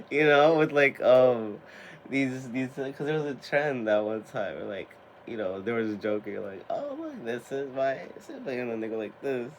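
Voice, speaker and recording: A twenty-something host of a tarot and spiritual channel talks to camera casually and a little slowly in a medium-pitched voice. He gets excited, laughs often and swears now and again, with slight background noise behind him.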